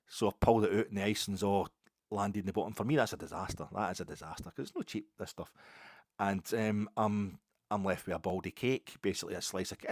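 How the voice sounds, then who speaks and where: A man's voice: low-pitched, no room sound. A Scottish man hosting a podcast, telling a rambling, self-mocking anecdote with plenty of swearing. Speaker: podcast host. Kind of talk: casual anecdote storytelling.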